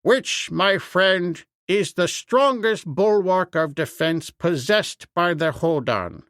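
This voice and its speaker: A proud, fiery young warrior man with a lively, swinging delivery, as a male narrator reads him in a storybook. The voice sits a little high and unhurried, close and dry. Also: no echo, exaggerated voice. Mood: heated.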